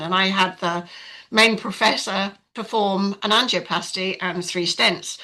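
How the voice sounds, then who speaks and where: Older woman, podcast guest, frank storyteller with a bright, forceful tone. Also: mid-range voice, poor audio. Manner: frank, chatty, many fillers. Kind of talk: casual storytelling.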